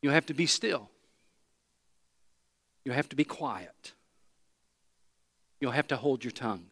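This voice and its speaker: A man's voice: mid-range voice, long reverb tail. A pastor preaching a conversational sermon, speaking in his own voice as he acts out imagined prayers.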